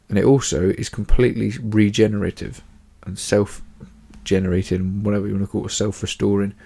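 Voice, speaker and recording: Fighting back yawns, a man rambles through his casual solo podcast, cursing offhandedly. He speaks in a fairly low, creaky, slightly mellow voice.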